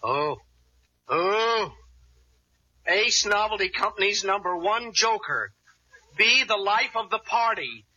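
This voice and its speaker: An actor playing an excitable, wisecracking young nephew, in 1940s radio acting. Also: male voice, high voice, slow, pauses often, muffled recording, heavily acted. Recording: noisy old radio broadcast.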